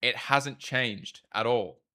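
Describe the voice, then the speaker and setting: A man's voice: mid-range voice, sharp tone. A man with an Australian accent chatting casually as a livestreamer, rambling and swearing freely. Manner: rambling, profane, quick asides. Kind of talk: casual stream chat.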